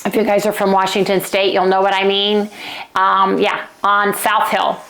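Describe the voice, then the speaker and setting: A woman's voice: medium pitch, monotone, moderate pace, a bit bright. Chatty upbeat woman vlogging. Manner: chatty, upbeat, keeps saying "you guys". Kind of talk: casual vlog chat. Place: at home, then in a restaurant.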